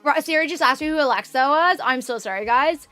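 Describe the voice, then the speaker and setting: A woman's voice: high-pitched, a little fast, bright, forceful tone, dry recording, soft background music. A young woman streaming from her room at home, chatting casually and rambling, with frequent swearing. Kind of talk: casual chat on a live stream.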